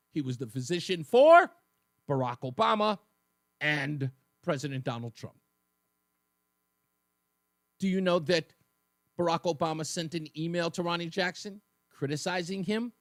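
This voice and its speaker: A man's voice: fairly high pitch, gravelly, a bit bright, no room sound, clean studio sound. A man hosting a talk radio show, delivering a combative, sarcastic political monologue in a punchy, mocking manner.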